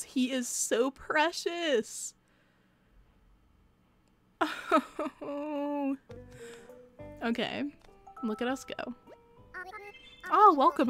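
A young woman streaming a video game, gushing and squealing with delight, with faint game music behind. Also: a little high. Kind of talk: live gameplay stream chat.

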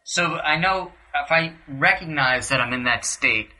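Very bright-voiced male podcast host. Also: on the high side, measured pace, rough recording. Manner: conversational, restarts questions as he thinks. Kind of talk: podcast interview.

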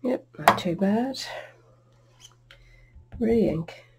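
A woman's voice: medium pitch, animated, very slow, creaky, heavy background noise. A middle-aged woman hosting a card-making tutorial, chatty and self-deprecating as she works at her craft table. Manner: chatty, self-deprecating, talks while working.

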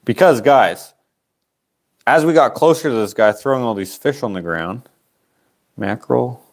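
Here the Canadian auction livestreamer, a man in his late twenties wearing a microphone, uses a mid-range voice with lively intonation and a measured pace. Chatty and self-interrupting, he tells a story that keeps veering off on tangents.

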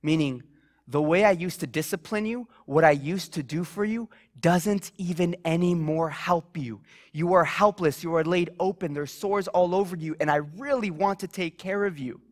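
A man's voice: sits high, normal speed. A young man giving a sermon in a church, chatty and self-deprecating, telling childhood stories between scripture readings, with many fillers and restarts. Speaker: preacher. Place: church sanctuary.

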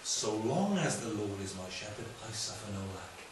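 Man preaching in an echoey hall. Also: fairly low pitch. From Wales. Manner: lively, conversational preaching with asides and quick humor. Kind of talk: sermon. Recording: echoey hall, distant from mic, faint room noise.

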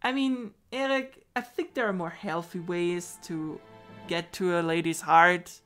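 A woman's voice: on the low side, fairly even intonation, unhurried, a bit bright, soft background music. A woman commenting casually on a story game, with blunt swearing asides. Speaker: let's player.

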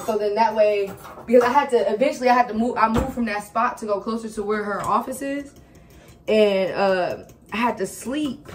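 A woman telling a story in a casual, animated vlog chat at home. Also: medium pitch, a little hiss or hum. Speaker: vlogger. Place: home kitchen.

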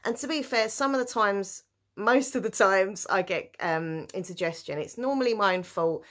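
A woman chatting casually through a shopping haul, giggling and breaking into excited cheers. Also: medium pitch, moderate pace. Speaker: vlogger.

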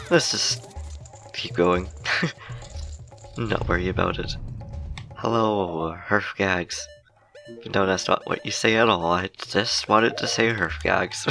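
Young male gaming YouTuber, low fry-tinged voice, giggly and rambling, game music underneath. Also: takes it slowly, pauses often, bright, forceful tone. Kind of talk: casual let's-play commentary.

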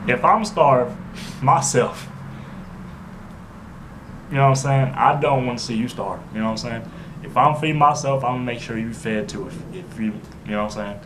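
A man's voice: medium pitch, moderate pace, long pauses. Rambling man telling a storytime, noisy backdrop. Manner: rambling, repeats "you know what I'm saying", stumbles and restarts. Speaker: vlogger. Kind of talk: casual storytime.

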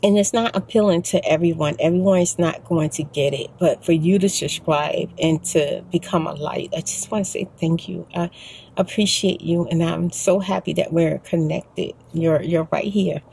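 Exhausted soft-spoken Texan woman, raspy. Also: fairly low pitch, steady tone, normal speed. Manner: soft-spoken, rambling, emotional. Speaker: ASMR vlogger. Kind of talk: soft-spoken rambling vlog. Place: parked car.

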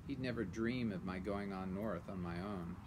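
A man's voice: sits low, moderate pace, noisy background, lightly acted. A man voicing a proud, haughty but kindly male talking warhorse in a storybook reading, in a lofty, scornful manner. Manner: lofty, scornful, then gently patient.

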